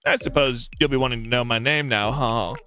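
A man's voice: medium pitch, fairly quick, pushed and bright, lightly acted. A man voicing a standoffish male clothes maker while reading game dialogue aloud, in a dry, detached manner. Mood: aloof.

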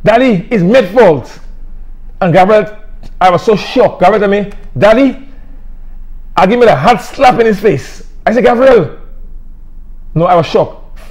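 A man's voice: high voice, a little fast. A middle-aged man from Saint Lucia with a Saint Lucian accent, preaching an emphatic, repetitive sermon. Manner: emphatic, repetitive, plain-spoken.

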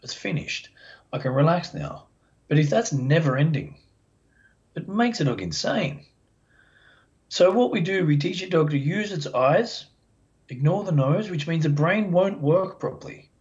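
A man, a dog behaviour expert, explaining as a podcast guest in a chatty, animated way and acting out the voices of dog owners. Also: fairly high pitch, a little slow, pauses often. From Australia. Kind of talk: casual podcast interview. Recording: dull lo-fi sound.

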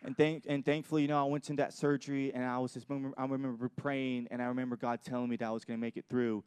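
A man's voice: medium pitch, little pitch movement, racing, darkish tone, clean tone, no room sound. A young adult man pastor giving an earnest sermon with personal testimony, often repeating and restarting his phrases. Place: church.

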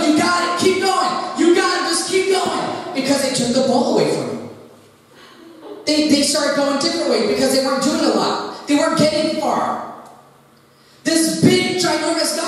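A man preaching a sermon, telling a story with acted-out scenes and sound effects. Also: extremely high pitch. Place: church hall. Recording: echoey hall, far from the mic, faint noise.

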